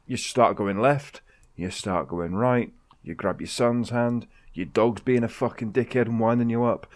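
A man's voice: mid-range voice, measured pace. A man co-hosting a podcast, ranting in casual banter with heavy swearing. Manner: grumbling rant, heavy swearing. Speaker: podcast co-host.

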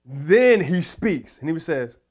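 Fervent preacher man, higher voice. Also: very animated, slow. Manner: fervent, prayerful, repetitive exhortation. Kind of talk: sermon.

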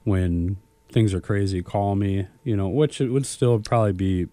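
A man co-hosting a casual radio show, telling stories in an animated, joking way. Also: fairly low pitch, moderate pace, dry recording. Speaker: radio co-host.

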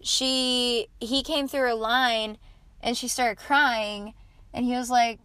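A woman's voice: a little high, fairly even intonation, slow, sharp tone, clean tone, dry recording. A young woman telling a story in a casual devotional talk, rambling with many fillers. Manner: rambling, many likes and ums.

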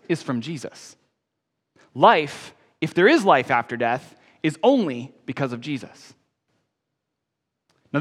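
A man preaching a sermon as pastor, emphatic, rising on key phrases and then dropping soft. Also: a little high, big-room sound.

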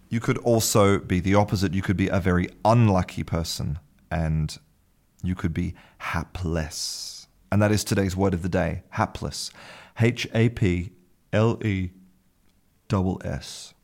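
A man hosting a podcast as an English teacher, explaining words in a relaxed way and spelling them out letter by letter. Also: sits low. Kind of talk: casual spoken lesson.

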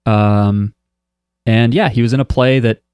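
A man's voice: mid-range voice, steady tone, unhurried, a little mellow, clean tone, no echo. A man co-hosting a podcast, talking in a rambling, chatty way full of fillers. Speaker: podcast co-host. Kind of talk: casual chat.

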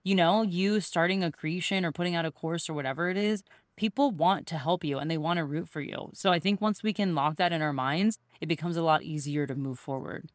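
A young woman with a somewhat low voice chats on a podcast as a coach. She tells stories with animated energy and slips into other people's voices. The sound is dry and close. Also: brisk, few pauses, no room sound. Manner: animated storytelling, acts out quoted voices. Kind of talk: casual conversational podcast chat.

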